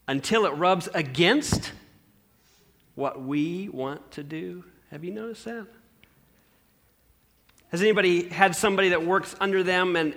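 A male pastor preaching a sermon through an animated story, asking the congregation questions. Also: high-pitched.

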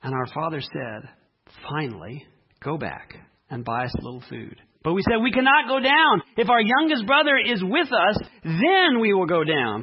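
A man preaching a sermon, reading scripture dramatically and speaking with emphasis and long pauses. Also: very high voice, dull audio. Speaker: pastor.

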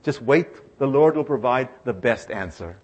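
A male preacher delivering a sermon with animated storytelling and call-and-response repetition. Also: medium pitch, a little slow, dull audio.

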